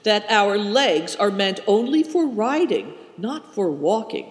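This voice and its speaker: A man's voice: high-pitched, animated, slow, pitched above the performer's own voice. A man voicing an earnest young male traveler in a storybook reading, with reverb. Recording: roomy hall reverb.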